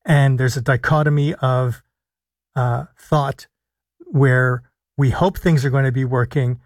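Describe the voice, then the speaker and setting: A man hosting a live call-in radio show as a physician, explaining health policy in a measured way and stressing key words with deliberate pauses. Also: medium pitch, no echo. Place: radio studio. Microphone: studio microphone.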